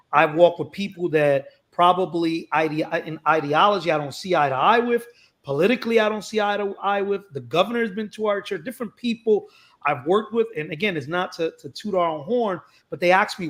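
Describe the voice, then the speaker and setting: A man who is a pastor, speaking in an earnest, preacherly way as he shares his testimony. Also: a little high. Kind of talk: reflective testimony.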